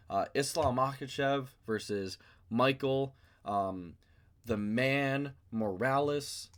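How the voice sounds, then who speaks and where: A man's voice: mid-range voice, fairly bright tone. A man hosting a casual fight commentary vlog from his basement, rambling and self-mocking. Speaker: MMA video host.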